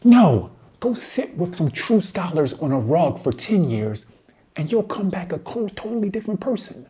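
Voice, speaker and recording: Indignant man lecturing, higher-pitched voice. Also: sing-song, normal speed, slightly rough. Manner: indignant, lecturing, swings from low muttering to loud outbursts; addresses his target directly, slangy and blunt. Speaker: commentator responding to a debate. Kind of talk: heated reaction commentary.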